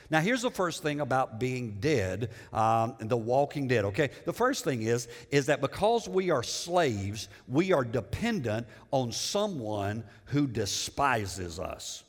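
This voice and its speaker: A man's voice: medium pitch, expressive, a little slow, hardly any pauses. A middle-aged man preaching a sermon in a conversational way, repeating words and putting questions to the congregation. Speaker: pastor. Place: church sanctuary. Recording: long church reverb.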